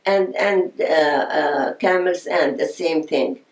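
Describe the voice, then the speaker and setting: An older woman tells her life story in an oral history interview, reminiscing and quoting the voices of others as she goes. She speaks slowly in a low voice, recorded in an echoey room.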